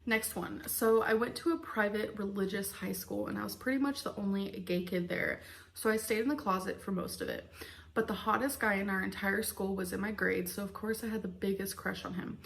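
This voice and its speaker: A woman's voice: medium pitch, a little fast, creaky. A woman YouTuber casually reading out viewer secrets, chatty and giggly. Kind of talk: casual video chat.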